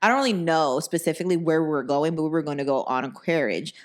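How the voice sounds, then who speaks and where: Young woman, podcast host, casual storytelling, low voice, animated and profane. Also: quick pace.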